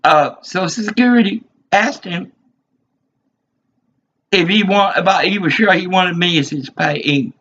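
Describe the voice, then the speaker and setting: A man's voice: high-pitched, unhurried, long pauses, fairly bright tone. A man in his fifties giving an agitated, rambling monologue, repeating himself as he vents. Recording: dull lo-fi recording.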